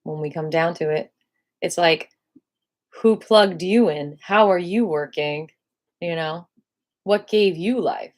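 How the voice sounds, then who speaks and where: A woman teaching a live qigong class from home, guiding her listeners in a slow, soothing, reflective way. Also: lowish voice.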